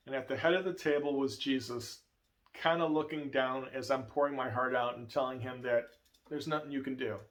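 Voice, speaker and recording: A man's voice: mid-range voice, fairly bright tone. Earnest man telling a testimony. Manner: earnest, storytelling, emotional. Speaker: guest speaker. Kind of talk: testimony in a church service.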